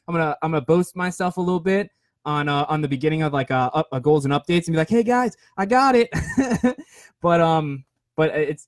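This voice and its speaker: A man's voice: on the high side, dry recording, studio quality. A man in his twenties telling a rambling, self-deprecating story in casual chat, with lots of fillers and restarts. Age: 20s. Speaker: podcast host.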